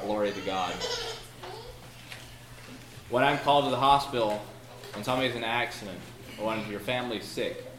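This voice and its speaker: Preacher, male, mid-pitched, homespun sermon delivery, roomy echo, noisy background. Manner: folksy, storytelling delivery with prayers and verses. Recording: echoey room with noise.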